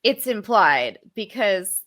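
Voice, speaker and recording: A woman's voice: mid-range voice, big pitch swings, slow, crowd noise. A woman in her thirties co-hosting a casual film chat, talking in a chatty way with lots of fillers and restarts. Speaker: podcast co-host. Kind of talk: casual chat about films.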